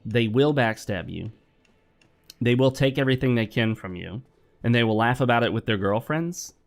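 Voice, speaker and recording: A man's voice: medium pitch, lively intonation, moderate pace, creaky. A middle-aged man giving blunt, opinionated commentary while playing a game, lecturing and repeating himself. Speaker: gaming commentator. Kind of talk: opinionated commentary over gameplay.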